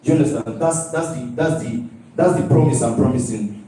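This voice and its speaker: A young man from Nigeria presents his student project in a mellow, relaxed voice. He stresses his points and repeats them, often checking in with his listeners. He sounds far from the mic in a very echoey hall. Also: mid-range voice, a little fast. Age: young adult. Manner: emphatic, repeats key phrases, keeps asking "do you understand?". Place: large lecture hall. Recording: echoey hall, heard from a distance.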